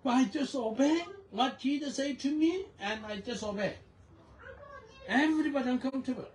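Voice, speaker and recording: Male preacher, lively swooping pitch, echoey church room, congregation murmuring. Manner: animated storytelling, non-native phrasing, frequent laughter. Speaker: pastor. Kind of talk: sermon with testimony. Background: congregation responding.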